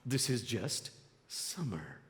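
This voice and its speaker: A man, an imam giving a guest sermon, telling humorous stories in a playful, animated way. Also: medium pitch, slow pace. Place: spiritual center sanctuary. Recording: long hall reverb.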